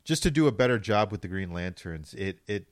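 A man's voice: on the low side, expressive, a little fast, no room sound. A man in casual movie review chat, rambling with hesitations and self-corrections.

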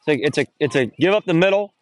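A young man doing casual, rambling play-by-play of a high school football game outdoors, recorded on a phone, often correcting himself and getting excited on big runs. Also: very fast. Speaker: play-by-play announcer.

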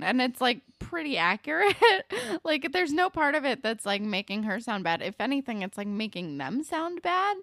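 A young woman chatting casually as a podcast co-host, her voice jumping up and down with lively pitch. She sits a little high and talks in bursts full of "like" and cheerful swearing. The sound is dry and close. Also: normal speed, few pauses, no room sound. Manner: animated, swearing, lots of "like". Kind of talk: casual recap chat.

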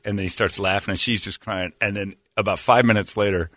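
A man hosting a morning radio show, telling stories and reacting loudly with lots of laughter. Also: deep voice, quick pace, no room sound, clean studio sound. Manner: loud exclamations, laughing, animated storytelling. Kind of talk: casual radio banter and storytelling. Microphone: studio mic.

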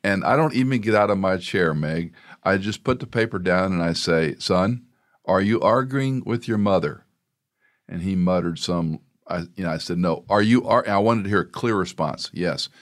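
Deep-voiced man telling earnest stories. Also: normal speed, hardly any pauses. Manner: earnest storytelling, folksy asides. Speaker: podcast host, pastor. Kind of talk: conversational interview.

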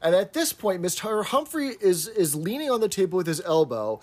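Podcast co-host, man, lively swooping pitch, slightly high, animated recapper. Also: brisk. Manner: animated, recaps scenes, acts out quotes. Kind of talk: casual chat.

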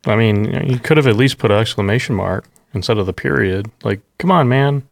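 Gravelly man, dry close voice. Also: fairly low pitch, fairly quick, dry recording. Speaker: podcast co-host. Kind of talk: casual tech chat.

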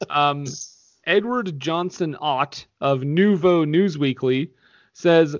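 Sarcastic podcast host, dull dry sound. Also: male voice, fairly high pitch, animated, no echo. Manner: sarcastic, crude, reads briskly. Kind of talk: casual chat, reading reviews aloud.

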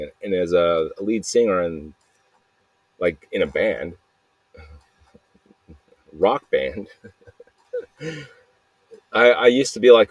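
A young man with a deep, low voice, slightly hoarse from yelling the night before. He rambles on his own in a restless, joking way, restarting his sentences often. The recording is close and dry. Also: slow pace, long pauses, dry recording. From Arizona. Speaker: podcast host. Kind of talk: rambling solo voice memo.

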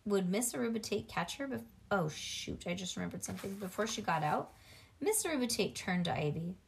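A woman's voice: medium pitch, animated, fairly quick, vocal fry, slight background noise. A woman reading a children's book aloud to a child at home, with casual asides to the child.

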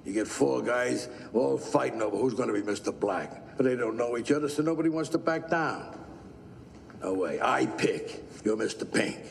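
An actor playing an older gruff crime boss who hands out orders bluntly, in a film clip. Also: male voice, medium pitch, moderate pace, a little hiss or hum, natural voice. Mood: commanding. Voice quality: gravelly. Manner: domineering, blunt. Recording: film clip with roomy reverb.

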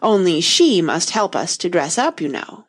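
A woman's voice: on the low side, very animated, moderate pace. A woman reading an audiobook, voicing a contrary, sulky twin brother. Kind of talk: audiobook character voice.

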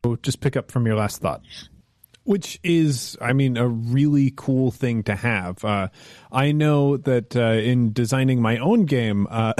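Relaxed man on a dry close mic. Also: mid-range voice, no echo. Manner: relaxed, reassuring, talks through tech checks. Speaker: host running a tabletop game podcast. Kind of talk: casual backstage chat.

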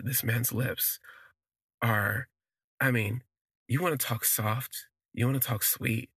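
A man telling a personal story for his podcast, in an unhurried, conversational way that lingers on words, with fillers. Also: medium pitch, fairly even intonation, a bit bright, breathy edge, dry recording.

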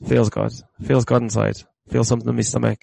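Male guest, gravelly and dry, plain-spoken, repeats himself. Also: mid-range voice, level tone, fast talker, warm tone, no room sound. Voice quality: frank, repeats his phrases. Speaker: podcast guest. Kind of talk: casual chat.

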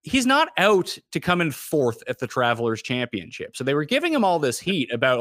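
Man, Canadian accent, lively swooping pitch, dry close sound, casual podcast chat. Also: dry recording. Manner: animated, quick asides and self-deprecating jokes. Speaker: fantasy golf analyst.

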